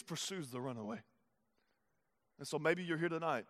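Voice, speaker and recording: A pastor in his thirties delivers a sermon in a notably high-pitched voice. He swings between quiet, close passages and loud, driving ones. The sound carries a long hall reverb. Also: normal speed, long pauses. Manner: preaching with swings from hushed to loud.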